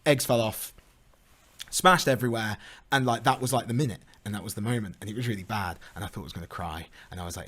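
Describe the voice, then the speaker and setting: A young man with a British accent tells a personal story at a conference talk. His pitch sits in an ordinary middle range. He rambles in a chatty, self-deprecating way, leaning on fillers. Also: sing-song, quick pace, a bit bright. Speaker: lightning talk speaker.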